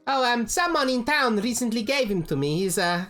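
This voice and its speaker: A woman plays an odd, heavy-set toymaker in a jester's cap, pitched high and bouncing with a singsong lilt. He pushes his wares with cheery, halting eagerness. The voice swings widely in pitch. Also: lively intonation, a bit bright, faint music behind. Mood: cheery salesman.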